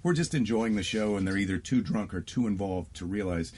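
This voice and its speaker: A man's voice: on the low side, a little fast, a little mellow, a little hiss or hum. A man who is a stand-up comedian, chatting casually and acting out quoted lines as he tells stories. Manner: storytelling, acts out quoted lines. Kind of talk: casual chat.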